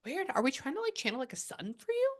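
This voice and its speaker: A woman working as a psychic medium, talking casually and excitedly with many fillers, relaying what spirits say. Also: sits high, quick pace. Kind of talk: casual spirit reading session.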